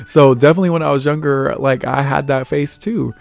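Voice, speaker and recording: A young vlog host with an average-pitched, gravelly voice talks a little fast as he spins casual stories for his channel. He's animated and laughs a lot, raising his voice whenever he acts out what someone said, while quiet music hums behind him.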